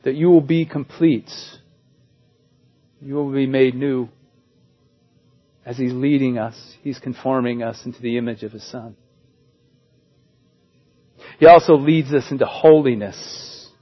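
A man's voice: medium pitch, a little slow, pauses often, highs cut off, faint music behind. A man preaching a sermon as pastor, in a conversational way with joking asides.

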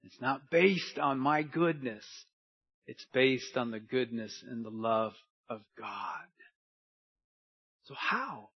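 A man preaching a sermon, dropping to a near hush and then rising to loud emphatic lines. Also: medium pitch, slow pace, slightly rough. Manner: preaching with wide swings from hushed to emphatic. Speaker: pastor. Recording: dull lo-fi sound.

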